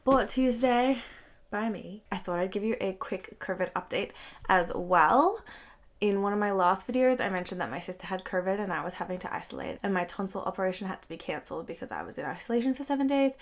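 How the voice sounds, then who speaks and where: Congested, croaky young woman vlogging. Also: medium pitch, expressive, brisk. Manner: chatty, fills speech with "like". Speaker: beauty vlogger. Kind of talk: casual chat to camera. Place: her bedroom.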